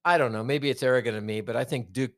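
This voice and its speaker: A man's voice: mid-range voice, no room sound, clean studio sound. Rambling man co-hosting a podcast. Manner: rambling, halting restarts. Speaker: podcast co-host. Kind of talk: casual sports chat.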